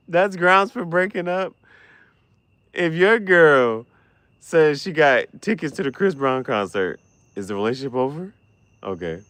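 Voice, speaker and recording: A man giving casual, joking livestream commentary, profane and quick to laugh. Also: on the high side, animated, a bit bright, dry recording. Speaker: streamer.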